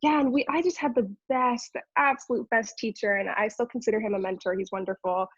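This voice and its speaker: A young woman from California with a Californian accent, an actress chatting casually as an interview guest, upbeat and quick to laugh. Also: on the high side, fairly even intonation, dull audio. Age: young adult.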